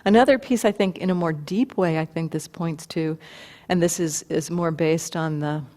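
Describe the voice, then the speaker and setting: A woman meditation teacher giving a dharma talk, unhurried and thoughtful, often pausing and restarting her sentences. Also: deep voice, warm tone. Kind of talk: dharma talk retelling a story.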